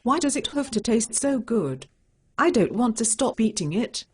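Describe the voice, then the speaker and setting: A blunt, stubborn female cat superhero from an animated short, spoken by a computer voice. She has a slightly husky, mid-height voice that jumps around in pitch. She speaks in short, flat statements. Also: moderate pace. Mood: conceding. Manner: plain, blunt, defensive. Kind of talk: synthetic animated dialogue.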